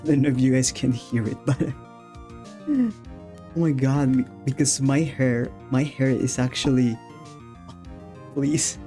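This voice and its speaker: A man's voice: mid-range voice, takes it slowly, long pauses, warm tone, soft background music. A man chatting casually while streaming a game, laughing often and restarting his sentences.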